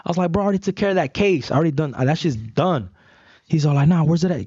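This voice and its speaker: A young man telling a story in casual talk, animated and acting out the voices of others. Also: on the high side, fast, breathy edge, muffled recording. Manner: animated, acts out voices in stories, swears a lot. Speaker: guest.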